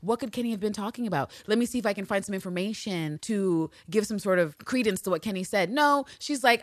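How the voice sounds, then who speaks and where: A woman's voice: mid-range voice, animated, fast, hardly any pauses, no room sound, studio quality. A woman co-hosting a podcast, recapping a TV episode in casual, profane chat and acting out the characters' lines in put-on voices. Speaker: podcast co-host.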